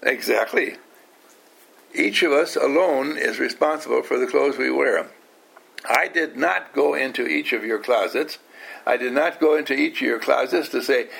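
Gravelly older man teaching a small group. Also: mid-range voice, expressive, moderate pace, a bit bright. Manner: questioning, teasing, acts out quoted people. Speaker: household teacher. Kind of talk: informal talk to a small group.

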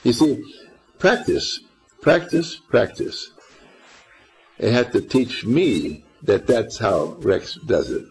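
A man's voice: lowish voice, very animated, slow, few pauses, a little mellow, breathy edge, low-quality recording. An older man giving an informal spiritual talk to a small group, folksy and rambling, quizzing his listeners as he goes. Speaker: spiritual teacher.

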